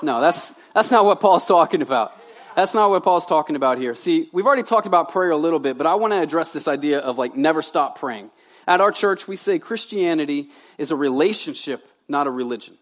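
A male pastor in his thirties, from Louisiana, delivers a sermon in a conversational style. His voice sits a little high for a man. He moves between loud, emphatic lines and quiet, softer asides. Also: lively intonation, a little fast.

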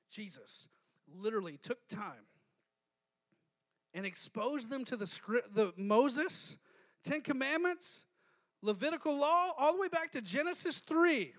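A male pastor preaching a lively sermon, joking and calling on the congregation to respond. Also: very high voice.

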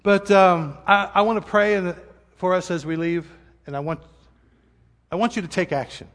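A man's voice: high-pitched, moderate pace, a bit bright, long reverb tail. A male pastor giving an earnest, vulnerable sermon appeal, at times near tears. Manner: earnest, vulnerable, self-deprecating. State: tearful at times. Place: church auditorium.

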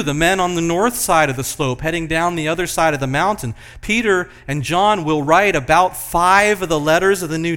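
A man preaching a sermon, moving between loud, emphatic passages and hushed, slow ones. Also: on the high side. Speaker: pastor.

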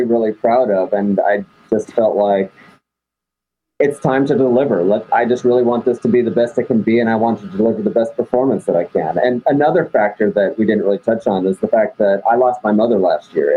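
A man's voice: mid-range voice, warm tone, highs cut off. A man musician talking earnestly in a casual interview about his work on an album. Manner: earnest, reflective. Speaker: musician guest.

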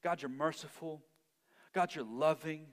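A man preaching a sermon. He swells to loud emphasis and then drops almost to a hush. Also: a little high, measured pace, big-room sound. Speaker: pastor.

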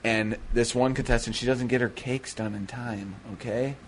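A man co-hosting a radio show, talking in loose, rambling banter. He is playful and keeps drifting into silly put-on voices mid-story. His pitch sits in the middle range for a man. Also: fairly even intonation, moderate pace, slight background noise. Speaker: radio co-host. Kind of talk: casual banter.

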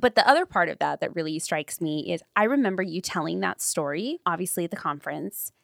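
A young woman hosting a podcast, telling stories in an animated, gushing way during a casual interview. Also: fairly low pitch, fast talker, gravelly, dry recording, clean studio sound. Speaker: podcast host.

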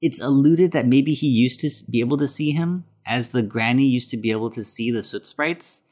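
A man's voice: mid-range voice, fairly quick, darkish tone. A man hosting a casual podcast, recapping a film plot in a rambling way with many fillers. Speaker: podcast host.

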